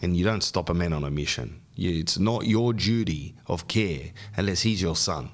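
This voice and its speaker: A man's voice: low voice, moderate pace. A man hosting a podcast, giving advice in a rambling, slangy way and saying "bro" often. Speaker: podcast host. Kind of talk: casual advice chat.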